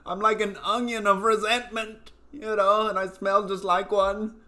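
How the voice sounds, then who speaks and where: A high, whining voice of a self-pitying, oversensitive young progressive, put on by a man. It sounds sharp and bright. The tone is a plain mockery in the middle of a comedy rant. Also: little pitch movement, unhurried. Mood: mocking whine. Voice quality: high mocking whine.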